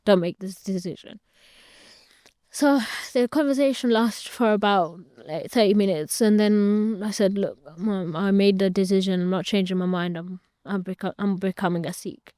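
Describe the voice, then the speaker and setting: Young woman, interview guest, earnest personal storytelling, mellow smooth tone, dry close sound. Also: medium pitch, moderate pace, no echo. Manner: earnest, retells family dialogue at length.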